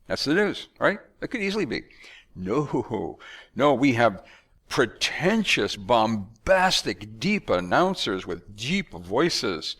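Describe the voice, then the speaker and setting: A man from the United States talking in a conversational monologue, animated and acting out announcers and magicians. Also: on the high side, a little slow, vocal fry. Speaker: speaker.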